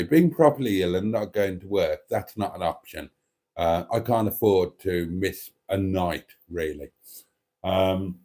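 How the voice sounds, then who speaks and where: A man's voice: on the low side, mellow. Rambling middle-aged man on a live stream. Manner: rambling, self-interrupting and chatty. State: a bit congested with mucus. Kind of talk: casual live chat reading viewer comments.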